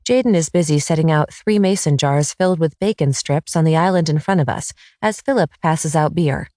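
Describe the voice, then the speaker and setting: A woman narrating a first-person romance audiobook in a teasing, lively read. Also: low-pitched, a little fast, no room sound, clean studio sound.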